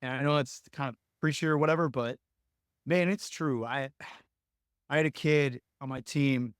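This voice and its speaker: A man's voice: mid-range voice, steady tone, a little slow, clear, resonant tone, dry recording, studio quality. A young adult man telling coaching stories in casual podcast talk, earnest and rambling with many fillers. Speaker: lacrosse coach, podcast guest.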